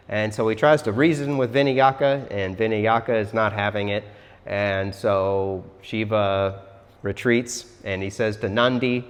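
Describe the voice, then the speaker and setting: Laid-back guy retelling an old story, lowish voice, lots of hall reverb. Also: a little slow. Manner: chatty, relaxed, says "like" a lot. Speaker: yoga teacher. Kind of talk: casual storytelling lesson.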